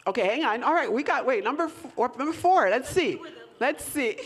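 A woman's voice: high-pitched, lively intonation, brisk, breathy edge. A woman leading a live audience through a whisper game, coaxing volunteers and laughing often. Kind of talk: lively audience participation.

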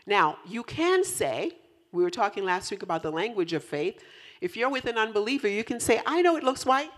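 A woman pastor preaching a sermon to her congregation, animated and teasing, rising to loud emphatic peaks. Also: medium pitch, a little fast. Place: church in central New York.

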